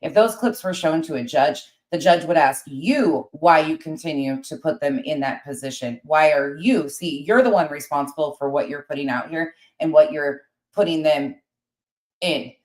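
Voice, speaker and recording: A woman with a very low voice delivers sarcastic, scolding commentary. The sound is roomy and echoey. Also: normal speed. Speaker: commentary creator. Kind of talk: critical commentary over a stream.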